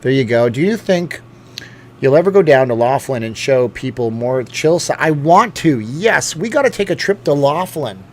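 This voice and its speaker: A man with an expressive, mid-range voice hosts a laid-back live stream at a moderate pace. He reads out comments from viewers and rambles, often filling pauses, restarting and correcting himself.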